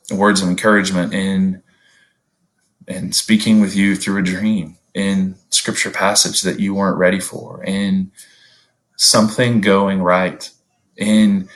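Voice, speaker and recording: A man preaching a sermon in an earnest, conversational way, often rising in pitch to stress a point. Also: fairly bright tone, rough recording.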